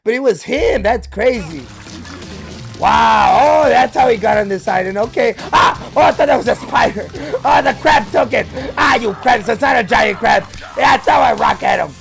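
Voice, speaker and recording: Reaction host: excitable man, very high pitched, heavy vocal fry, faint music behind. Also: moderate pace. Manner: excitable, exclaiming and narrating what he sees. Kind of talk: live reaction commentary.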